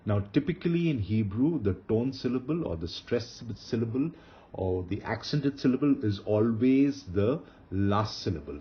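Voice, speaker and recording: Male teacher, lowish voice with a lively lilt, patient explaining; muffled recording with faint hiss. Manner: explanatory, patient, with fillers and restarts. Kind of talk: screen-recorded lecture.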